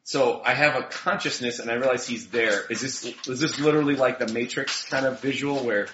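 Male player, eager and questioning, bright forceful tone, roomy muffled audio. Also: mid-range voice, a little fast, a little hiss or hum. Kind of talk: casual tabletop game play. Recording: roomy, dull lo-fi sound.

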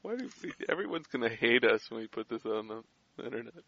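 A man's voice: medium pitch, sing-song, brisk, vocal fry, a bit bright. A man playing a tabletop game with friends, chatting casually and making teasing wisecracks. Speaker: player. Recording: dull lo-fi sound.

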